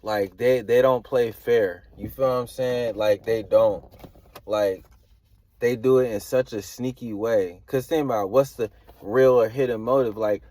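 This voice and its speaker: A man reading tarot cards in an easygoing, rambling way, full of slang and hedges. His voice sits at an ordinary middle pitch. The sound is dry and close, with no room echo. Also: fairly even intonation, measured pace, mellow. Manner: rambling and hedging, slangy filler talk. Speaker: tarot reader.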